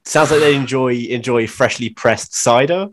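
A young man co-hosting a casual podcast, with dry, wry jokes and quick laughs. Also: mid-range voice. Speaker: podcast co-host. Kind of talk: casual pub-banter podcast chat.

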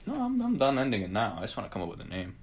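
A man's voice: mid-range voice, huge pitch swings, racing, darkish tone, a little hiss or hum. A young man from Palestine, co-hosting a podcast in loose, joking casual chat with many restarts. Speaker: podcast co-host.

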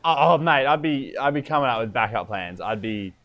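A man co-hosting a casual podcast, talking in a relaxed, rambling way. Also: mid-range voice, a little fast. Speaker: podcast co-host. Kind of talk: casual chat.

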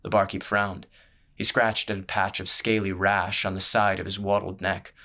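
A man narrating a scripted audiobook in a measured, steady storytelling manner. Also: sits low.

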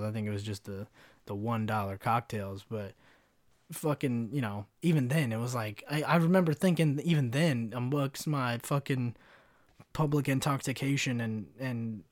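A man's voice: medium pitch, normal speed, no room sound, studio quality. A young man hosting a casual solo podcast. He rambles through stories with lots of slang and swearing. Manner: rambling, slangy, profane storytelling. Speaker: podcast host.

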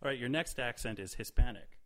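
A man running a party game on a podcast, reading out prompts in a deadpan way. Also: medium pitch, brisk. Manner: deadpan delivery. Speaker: game host. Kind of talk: casual podcast chat.

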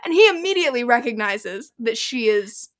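A woman's voice: fairly high pitch, moderate pace. A woman co-hosting a podcast, chatting casually as she retells a story, full of "like" and acting out the characters' lines. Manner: animated storyteller, heavy use of "like", acts out quotes. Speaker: podcast co-host. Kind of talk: casual chat recapping a book.

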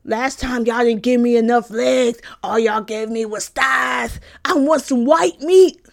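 A woman quoting her irritated middle-aged father as he loudly complains at a drive-thru. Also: a little high, measured pace, gravelly. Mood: indignant. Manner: loud, indignant complaining.

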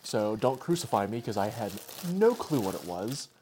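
A man's voice: lowish voice, very animated, moderate pace, warm tone, a little hiss or hum. A young man hosting a casual podcast game, laughing often and teasing his co-host.

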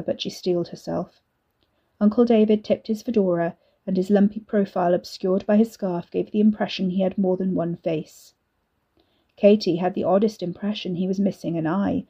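A woman giving a steady, measured reading of a storybook. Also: medium pitch, slightly rough, highs cut off. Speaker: narrator. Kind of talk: storybook narration.

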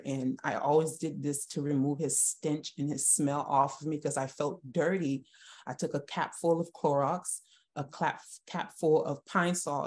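A woman, a podcast guest, recounting a painful personal story in a halting, emotional way with frequent restarts. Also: deep voice, a little mellow. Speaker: guest sharing her story. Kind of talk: personal testimony in a podcast interview.

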